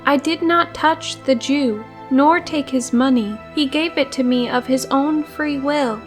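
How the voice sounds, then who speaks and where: A woman's voice: high voice, a little slow, soft background music. A woman reading a cocky young servant. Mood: teasing. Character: cheerful, cocky young male servant with a fiddle.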